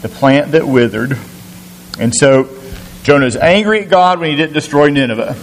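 A man's voice: fairly high pitch, moderate pace. A man preaching a sermon, teaching through a scripture passage with rhetorical questions and frequent restarts. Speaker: pastor. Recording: echoey hall, faint hiss.

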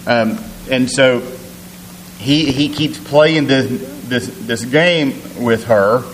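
A man preaching a sermon, reading scripture aloud and retelling it in a conversational, halting way with many restarts and fillers. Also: mid-range voice, long reverb tail, slight background noise, rough recording.

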